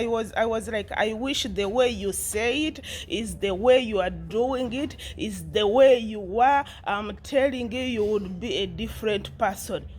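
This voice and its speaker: A woman vlogging casually, rambling and repeating herself, with a teasing, mocking tone. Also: on the high side. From Uganda. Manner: rambling and repetitive, with many restarts. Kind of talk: casual commentary to camera.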